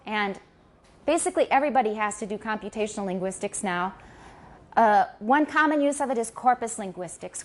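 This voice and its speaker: A woman teaching linguistics in a classroom, speaking in a fairly high voice. She drills pronunciation carefully, repeating words for her students and correcting their stress. Her delivery is patient and methodical. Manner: corrects and models pronunciation, switches into Mandarin for glosses. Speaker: university linguistics lecturer. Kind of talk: classroom lecture with pronunciation coaching.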